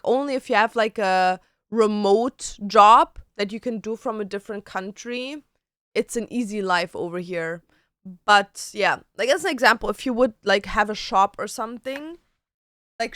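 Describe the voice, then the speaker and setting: Young woman, chatty streamer, crisp bright voice, dry close sound. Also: mid-range voice, no room sound. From Germany. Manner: chatty, swearing, lots of "like". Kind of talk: casual livestream chat. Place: home.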